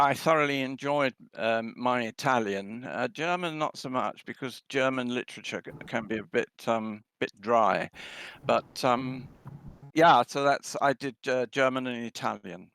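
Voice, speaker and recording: A man in his seventies from London with a London accent, chatting casually on a video call, talking with many pauses and ums. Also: medium pitch, a bit bright, clean tone. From London, England. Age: 70s. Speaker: guest speaker.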